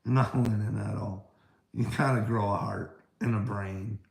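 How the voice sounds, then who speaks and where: A gravelly, low-voiced man rants slowly and at length, taunting his listener and preaching with plenty of swearing. Mocking laughter breaks up his lines. The sound is echoey, as if from a bare room. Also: steady tone. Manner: taunting, calls listener "bud", frequent laughter; profane, preachy. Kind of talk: rambling livestream rant.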